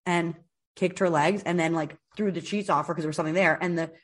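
A woman hosts a podcast in a casual, chatty way, telling stories with plenty of animation, saying "like" a lot and swearing. Her voice sits on the lower side and she talks quickly.

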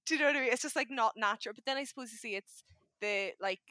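A woman in casual chat, talkative and quick to laugh, filling her talk with "like". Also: a little high, sharp tone, no echo. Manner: chatty, laughs often, lots of "like".

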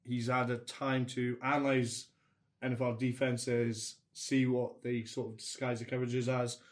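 A man's voice: medium pitch, flat delivery, unhurried. A man co-hosts a casual sports podcast. He jokes around, makes puns and moans in mock despair when his picks go wrong. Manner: jokey, punning, mock-dramatic about lost bets. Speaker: podcast co-host.

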